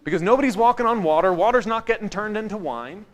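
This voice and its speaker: A man with a somewhat high voice delivers a sermon in a church. His tone is conversational and joking, and he turns quiet and intimate on his key points. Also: fast. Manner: conversational and wry, swinging from lively to hushed. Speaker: preacher.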